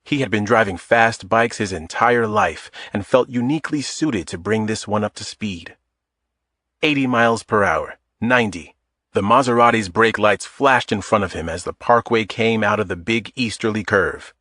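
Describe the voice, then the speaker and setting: A man narrating a thriller audiobook in a measured, steady way. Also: fairly low pitch, no room sound, studio quality.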